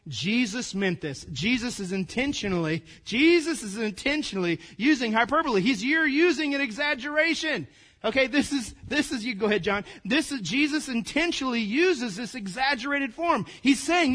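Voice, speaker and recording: A man preaching a casual, conversational sermon, calling the congregation "gang" and swinging between loud emphasis and quiet asides. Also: extremely high pitch, animated, moderate pace. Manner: folksy, calls the congregation "gang", asides to the room. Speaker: pastor.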